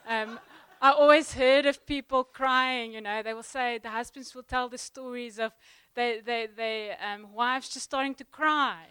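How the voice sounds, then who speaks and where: A young woman giving a sermon in a church, chatty and halting, full of ums and restarts. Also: on the high side, steady tone, pushed and bright, smooth, no room sound. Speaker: guest preacher. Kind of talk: sermon opening, casual warm address.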